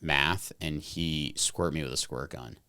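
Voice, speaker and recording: A man's voice: rumbling low, measured pace, pushed and bright, clear, resonant tone, no echo, clean studio sound. A man co-hosting a podcast in casual chat, telling stories with lots of swearing and stumbling restarts. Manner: rambling storyteller, swears freely, many restarts. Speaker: podcast co-host.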